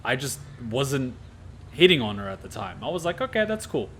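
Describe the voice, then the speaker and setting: A man's voice: mid-range voice, animated, moderate pace, a bit bright, a little hiss or hum. Rambling Australian man telling stories. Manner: rambling, full of fillers and laughter. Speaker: gaming streamer reacting. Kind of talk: casual anecdote during a game reaction.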